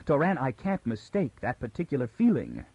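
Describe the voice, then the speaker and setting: A man voicing a frightened young woman who reasons tensely through her fear, pitched above his own voice. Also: wildly swooping pitch, normal speed, husky, no echo, dull audio, exaggerated voice. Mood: uneasy.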